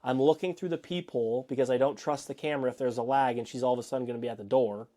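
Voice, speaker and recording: A man co-hosting a podcast, telling an excited, rambling story in casual chat from a home studio. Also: mid-range voice, racing. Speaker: podcast co-host.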